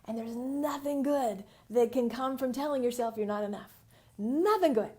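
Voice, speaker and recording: A woman's voice: on the high side, normal speed, darkish tone. An American woman, a business mentor, giving a frank, feisty teaching talk in a casual, live style. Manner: frank, feisty, uses slang and swearing.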